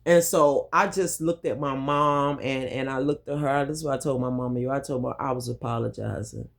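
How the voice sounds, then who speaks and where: A woman's voice: rumbling low, fairly even intonation, a little fast, gravelly. A woman vlogger telling a personal story to her viewers, candid and emphatic, swearing freely and repeating herself for emphasis. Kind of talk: storytime monologue to camera.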